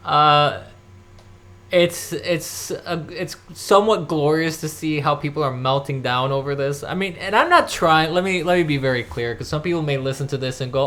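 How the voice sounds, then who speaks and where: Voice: mid-range voice, moderate pace, a bit bright. A podcast host delivering a solo political commentary monologue, ranting and scoffing, now and then coughing. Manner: ranting, scoffing, mimics others mockingly. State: occasional coughing. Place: at home, moving about tidying.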